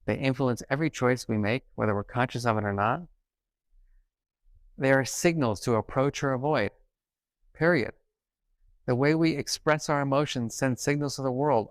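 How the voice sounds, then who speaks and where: Middle-aged male keynote speaker, mid-pitched, animated storytelling, dry stage mic. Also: normal speed, long pauses, dry recording. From New York. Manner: animated, acts out quoted dialogue. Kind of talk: conference talk, storytelling. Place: conference stage.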